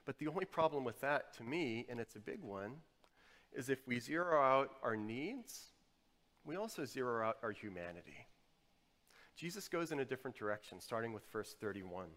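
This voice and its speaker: A man's voice: mid-range voice, animated, moderate pace. Man preaching a sermon in a reverberant hall. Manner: dynamic, swings from quiet emphasis to loud exhortation. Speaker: pastor. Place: church sanctuary.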